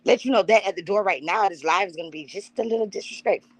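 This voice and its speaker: In a dry recording, a woman with a mid-range voice talks quickly and casually to her livestream chat as she gets herself together. She's blunt and swears freely, coming across loose and unprepared, and she pauses to fumble with things.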